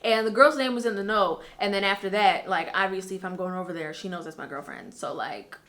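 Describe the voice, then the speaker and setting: A woman's voice: mid-range voice, a little fast, a bit bright. A young woman in her twenties, telling a personal story in a candid, casual vlog, with frequent fillers and swearing. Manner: candid, chatty, swears freely, lots of fillers. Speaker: YouTuber.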